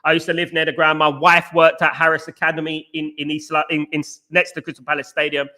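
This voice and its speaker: A man's voice: on the high side, little pitch movement, fast, sharp tone. A man hosting a casual live stream, rambling and talking straight to his chat viewers. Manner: chatty, rambling, addresses chat viewers directly. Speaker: livestream host.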